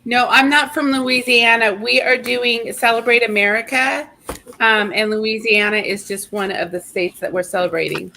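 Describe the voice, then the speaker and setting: Gravelly, bright-voiced woman host. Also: fairly high pitch, fairly even intonation, normal speed, a little hiss or hum, poor audio. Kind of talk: casual livestream chat.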